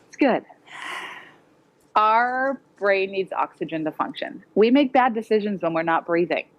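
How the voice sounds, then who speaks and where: Clear-spoken woman presenting at a conference. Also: mid-range voice, lively intonation, a little slow, long pauses. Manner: direct, practical, acts out quoted voices. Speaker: educator presenting. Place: conference hall with audience.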